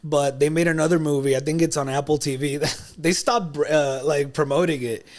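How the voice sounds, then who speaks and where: Young man, podcast co-host, casual chat, animated, fairly high voice. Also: moderate pace. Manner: animated, puts on mock voices for bits.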